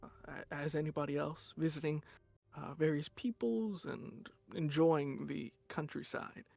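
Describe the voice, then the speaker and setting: A man voicing an older male war general who gives slow, halting testimony full of pauses and fillers. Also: fairly high pitch, creaky, darkish tone, no room sound, soft background music. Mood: solemn. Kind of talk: tabletop game character voice.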